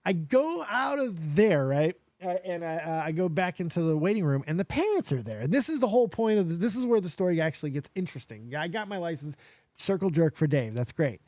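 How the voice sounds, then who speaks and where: A man's voice: a little high, a little fast, no echo. A man in his forties from Las Vegas, hosting a livestream and telling a story casually, swearing often and acting out every side of the conversation. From Las Vegas, USA. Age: 40s. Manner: animated, swears often, acts out both sides of dialogue. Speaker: livestream host.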